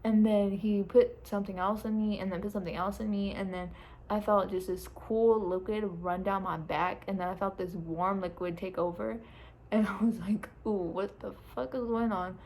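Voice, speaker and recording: A woman's voice: mid-range voice, steady tone, moderate pace, a little mellow, poor audio. A young woman casually telling a personal story, chatty, laughing often and swearing freely. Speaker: vlogger. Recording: faint background noise.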